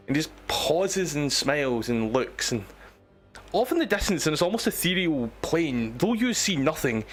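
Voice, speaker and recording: A man's voice: fairly high pitch, very animated, normal speed. Man narrating a tabletop game. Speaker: game master.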